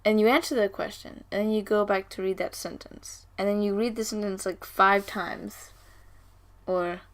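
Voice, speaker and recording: A woman's voice: medium pitch, fairly even intonation, moderate pace. A teenage girl from Georgia in the US, co-hosting a casual podcast chat in a chatty, giggly way. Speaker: co-host guest.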